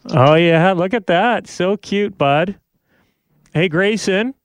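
A man's voice: high voice, takes it slowly. A man in his thirties hosting a casual podcast as a father, tender and often laughing, a little choked up.

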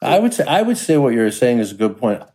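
A man's voice: mid-range voice, very animated, fast talker, dark tone. A man on a podcast panel giving frank, wry commentary in casual talk. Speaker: guest, son of an actor.

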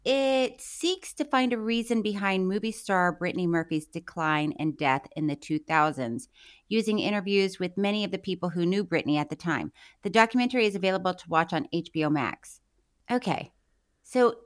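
A woman chats as a podcast co-host, her pitch rising and falling freely. She tells stories with energy and laughs often. The talk stays casual and friendly. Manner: animated storytelling, laughs often. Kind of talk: casual chat.

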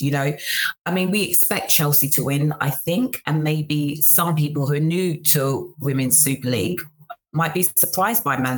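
A woman hosting a casual podcast, handing questions to her panelists by name in a friendly way. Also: deep voice. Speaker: podcast host. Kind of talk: casual chat.

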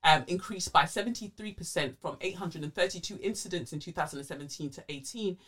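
Woman co-host, letter reading; bright, forceful tone, casual and outspoken. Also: lowish voice, fast, slightly rough. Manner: animated, swears freely, frequent um fillers.

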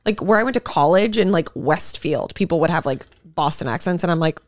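A woman's voice: lowish voice, expressive, a little fast, no echo, studio quality. A woman in her twenties from Massachusetts with a slight Massachusetts accent, chatting casually on a podcast and laughing often. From Massachusetts, USA. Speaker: podcast co-host. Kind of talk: casual chat.

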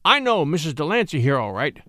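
A man voicing a rough frontier deputy with gruff, rustic country speech. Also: on the high side, very animated, a little fast, bright, forceful tone, no echo, clean studio sound. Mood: blustering. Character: blustering frontier deputy, rough and then cowed.

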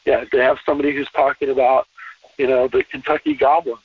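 A man's voice: mid-range voice, sing-song, quick pace, breathy edge, far from the mic. An American man talking in a rambling, emphatic way, repeating himself, heard over a tinny phone line. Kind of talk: casual conversation.

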